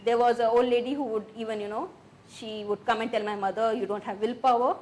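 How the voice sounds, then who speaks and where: A woman's voice: fairly high pitch, little pitch movement, a little fast, darkish tone, a little hiss or hum. A woman speaking earnestly about caring for her mother, in a recorded personal account. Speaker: family caregiver.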